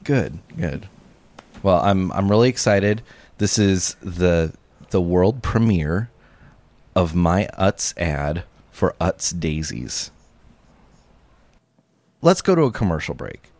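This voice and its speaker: A man co-hosting a casual comedy podcast, talking in a slow, deadpan way with frequent restarts. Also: low-pitched, no echo. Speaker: podcast co-host.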